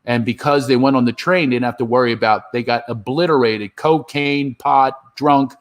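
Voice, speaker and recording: A man telling a lively comedy anecdote on a video call, acting out other people's voices as he goes. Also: medium pitch, moderate pace. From Philadelphia. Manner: animated storyteller, acts out voices. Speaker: comedian guest. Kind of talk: storytelling chat.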